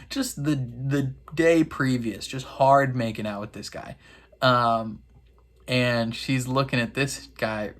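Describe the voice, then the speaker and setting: A man in casual reaction commentary, chatty and wry, laughing often and filling pauses with "um". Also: fairly bright tone. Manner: acts out characters' lines in quick high voices. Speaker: reaction video host.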